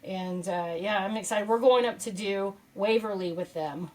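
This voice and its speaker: A woman's voice: mid-range voice, normal speed, rough recording. A woman guest on a podcast, chatting in a bubbly way and laughing often. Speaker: podcast guest, paranormal investigator. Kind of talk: casual chat.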